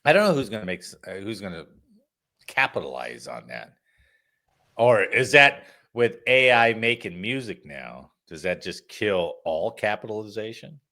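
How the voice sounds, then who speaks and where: Speaking at normal speed in a fairly low voice, the host of a weekly news and variety podcast tells a story in casual conversation. His storytelling is animated and full of profanity, with swearing throughout.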